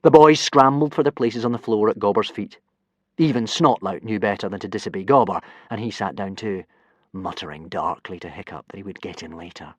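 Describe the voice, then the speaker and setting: A man narrating a children's adventure book with expressive delivery. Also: on the low side, brisk, no room sound, lo-fi sound. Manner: animated, expressive. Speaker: audiobook narrator. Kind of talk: storybook narration.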